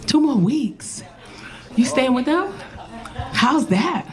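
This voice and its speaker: A woman's voice: high voice, sing-song, slow. A brash, profane woman in her thirties with a New York accent, doing stand-up comedy and teasing the crowd on a club stage. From South Bronx, New York. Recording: live club recording with loud crowd laughter.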